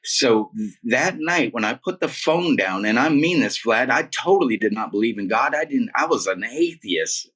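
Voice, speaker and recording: A man's voice: medium pitch, animated, normal speed, a bit bright, breathy edge. A man in his forties telling his story as an interview guest in a casual, emphatic way, dropping "man" and "dude" often. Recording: voice a bit far from the mic.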